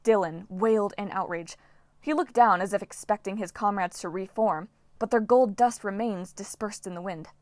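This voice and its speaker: A woman reading a novel aloud as an audiobook narrator, with steady, dramatic storytelling. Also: medium pitch, moderate pace, hardly any pauses, no room sound. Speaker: audiobook reader.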